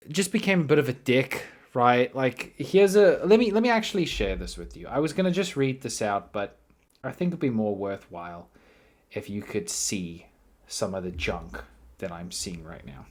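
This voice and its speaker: A man giving casual, chatty commentary, often tagging his sentences with "right?". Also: mid-range voice. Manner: chatty, tags lines with "right?". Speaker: commentary YouTuber.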